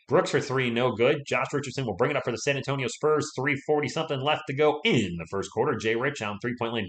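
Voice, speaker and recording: A man's voice: medium pitch, a bit bright. A man doing casual solo play-by-play on a livestream, chatting with viewers and reading their messages between plays. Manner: chatty, reads chat aloud and thanks viewers between plays. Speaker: live stream play-by-play host.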